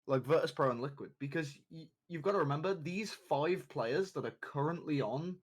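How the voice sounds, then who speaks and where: A man's voice: fairly high pitch, moderate pace. A man casually chatting while streaming a watch party of an esports match, rambling with fillers and restarts.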